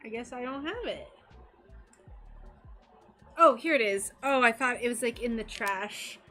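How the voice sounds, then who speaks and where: A woman's voice: on the high side, lively intonation, measured pace, sharp tone, soft background music. A woman chatting casually with her live-stream audience while crafting, giggly and talking to her pet. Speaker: stained glass streamer.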